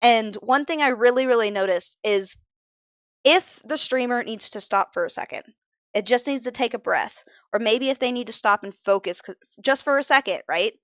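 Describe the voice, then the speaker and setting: Tired woman streamer, casual and self-interrupting, a little higher voice, dry lo-fi mic sound. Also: moderate pace, a bit bright, dry recording. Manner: rambling, self-interrupting, frank about being emotional. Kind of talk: casual live-stream chat while drawing.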